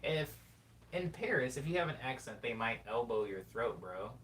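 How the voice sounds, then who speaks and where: A young man in his twenties chats on a live stream, rambling and reflective as he reads viewers' messages aloud and muses on them. His voice sits at an ordinary pitch, picked up by a mic set a little away from him, with a faint low rumble underneath. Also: sing-song, normal speed, a bit bright, distant mic. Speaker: livestream host. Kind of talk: casual live-stream chat, answering chat.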